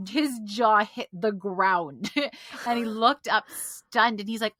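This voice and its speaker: A woman shares her faith story on a podcast, talking in an animated, storytelling way. She breaks into laughs often as she tells it. Her voice sits at a middle pitch and the sound is dry and close. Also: takes it slowly, hardly any pauses, dry recording. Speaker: podcast guest. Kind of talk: casual faith testimony.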